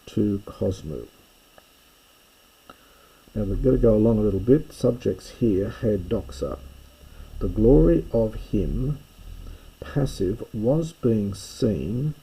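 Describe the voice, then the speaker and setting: A man teaches a language lesson at a deliberate, unhurried pace, working through each phrase and thinking aloud. His voice is low, gravelly and very dark, with a husky edge. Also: poor audio. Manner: slow, explanatory, thinking aloud. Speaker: Greek teacher. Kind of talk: recorded lesson walkthrough.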